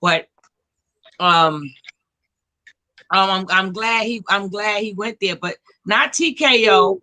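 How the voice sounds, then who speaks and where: A woman hosting a casual gossip livestream, animated and slangy, quick to laugh. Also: mid-range voice. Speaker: livestream host.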